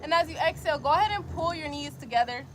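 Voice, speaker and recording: A woman's voice: sits high, quick pace, fairly bright tone, slight background noise. A young woman teaching an outdoor yoga flow, cueing breaths and poses with chatty, slangy asides to her viewers. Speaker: yoga instructor. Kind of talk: guided yoga instruction. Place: outdoors in light rain.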